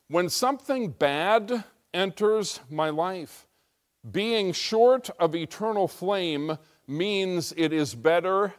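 High-voiced emphatic male preacher. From United States. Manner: emphatic, storytelling preacher with rising intensity. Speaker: pastor. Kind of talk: sermon.

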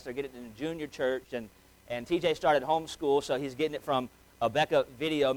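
A man in his thirties preaching a sermon as pastor, in a folksy, halting way with many fillers and restarts. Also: medium pitch, rough recording.

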